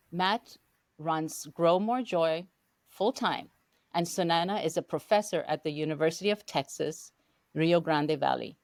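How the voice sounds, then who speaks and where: A woman's voice: low voice, gravelly, no room sound. An older woman hosting an interview podcast, welcoming her guests formally and asking questions. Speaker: podcast host. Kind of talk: hosted interview.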